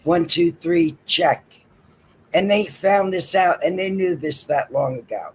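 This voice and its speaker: Guy cohosting a stream, repeats himself a lot, slow drawl, faint hiss behind. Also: fairly high pitch, low-quality recording. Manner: repetitive, emphatic, restarts his sentences. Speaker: livestream co-host. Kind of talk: casual livestream chat.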